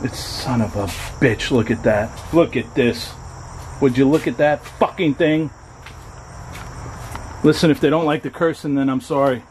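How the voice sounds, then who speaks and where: A man's voice: mid-range voice, measured pace, pauses often, darkish tone, slight background noise. Scared man whispering and swearing at night. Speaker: paranormal vlogger. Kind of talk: nervous ghost-hunting vlog narration. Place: abandoned trailer at night, in and out of doors. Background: crickets and insects at night.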